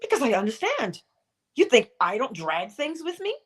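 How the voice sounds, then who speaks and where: A woman's voice: a little high, wildly swooping pitch, normal speed, breathy edge. A middle-aged woman hosting a morning inspirational livestream, asking pointed questions and throwing in playful asides to herself. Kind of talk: motivational talk.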